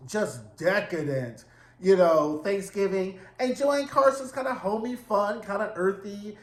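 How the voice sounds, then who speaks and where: Campy, animated man recapping TV. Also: high-pitched, a little slow, echoey room. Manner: animated, campy and profane storytelling. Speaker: TV recap reviewer. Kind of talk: casual recap monologue.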